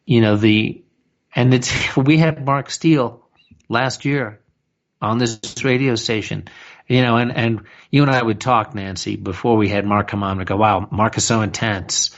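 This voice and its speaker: A man's voice: mid-range voice, steady tone, measured pace, dull audio. A man co-hosting a radio show, talking in a rambling casual way with lots of "you know" and restarts. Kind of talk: casual talk radio chat.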